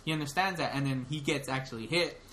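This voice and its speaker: A young man co-hosting a podcast retells a film in casual chat, rambling with plenty of fillers and restarts. He talks fast in a medium-pitched, fairly bright voice, with slight background noise in the recording.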